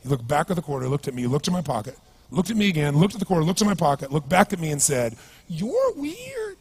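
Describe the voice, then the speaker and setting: A man giving a motivational seminar talk to a live audience, energetic and emphatic, telling stories and asking the crowd rhetorical questions. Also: fairly high pitch, very fast, husky. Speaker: motivational speaker.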